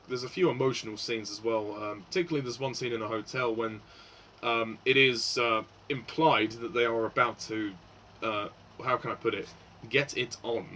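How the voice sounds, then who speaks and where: A man's voice: mid-range voice, sharp tone, a little hiss or hum, rough recording. A man giving a casual spoken film review, hesitant, with many fillers and restarts.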